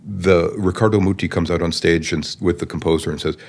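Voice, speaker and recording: Very deep-voiced man telling a story. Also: brisk. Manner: chatty, animated storyteller. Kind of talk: anecdotal interview storytelling.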